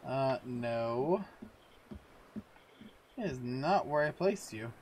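A man talks through a survival game at a slow, unhurried pace, half to himself, his voice kept low as he crafts and builds. Game ambience runs clearly underneath him on a plain desk mic. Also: animated, slight background noise. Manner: muttering to himself while crafting, quiet and unhurried. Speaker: gameplay commentator. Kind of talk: casual let's-play commentary.

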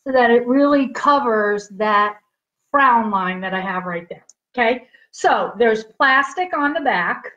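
A woman's voice: a little high, fairly bright tone. A woman hosting a casual live product demo, chatty and giggly, checking in with her viewers constantly. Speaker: livestream host demonstrating skincare patches. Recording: dull lo-fi livestream audio.

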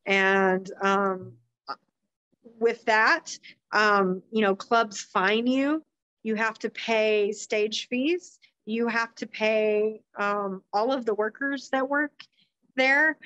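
A woman in her thirties, a guest in a podcast interview, speaking in a measured way with many pauses and fillers. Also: a little high, fairly even intonation, a bit bright, no echo. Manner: measured, many ums and you-knows. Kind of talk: casual interview talk. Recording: slightly dull lo-fi sound.

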